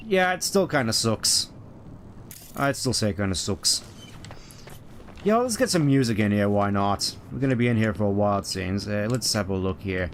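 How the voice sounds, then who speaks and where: A man's voice: on the low side, expressive, moderate pace, a little hiss or hum. A man streaming a video game, rambling in casual commentary and reading item names aloud.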